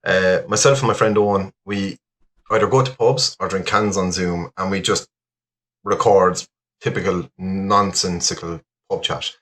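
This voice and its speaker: A man's voice: sits low, steady tone, unhurried, a bit bright. A young Irish man chatting as a podcast guest, rambling with lots of fillers and laughs. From Ireland. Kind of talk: casual chat.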